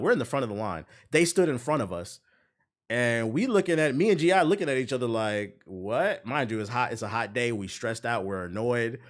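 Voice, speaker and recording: A man's voice: mid-range voice, fairly bright tone. A man streaming a game while telling a long story in casual, slangy, profane speech. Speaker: gaming streamer.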